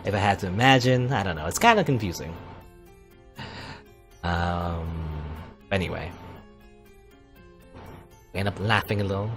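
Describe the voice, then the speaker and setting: A man's voice: fairly low pitch, animated, normal speed, pauses often, soft background music. A man hosting a let's play, reading a visual novel aloud and rambling through his thoughts with many fillers and asides. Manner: puts on a mock posh British voice for quips.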